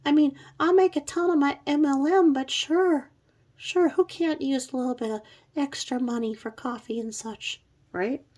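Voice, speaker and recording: A woman voicing a chirpy, sugary, fake-friendly woman who babysits, pushed up high. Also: normal speed, darkish tone, close to an everyday voice. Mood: sugary eager. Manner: sweet, eager, fake-friendly.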